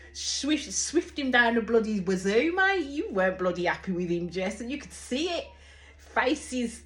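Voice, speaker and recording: A woman's voice: medium pitch, a bit bright. A woman, giving blunt, chatty reaction commentary and swearing freely. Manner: chatty, rambling with restarts. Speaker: reality show reactor.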